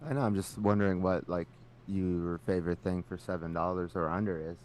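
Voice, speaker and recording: A man's voice: low voice, fairly even intonation, a little fast, a little mellow, a little hiss or hum. A man co-hosting a podcast, chiming in with short dry remarks and questions in casual chat. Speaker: podcast co-host.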